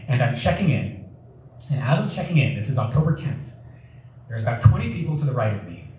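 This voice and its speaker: At a community event in a community center hall, a young man tells a joking, casual story to the audience, packed with fillers. His mid-range voice is very animated, fairly quick and dark in tone, captured in an echoey room by a far-off mic with faint noise.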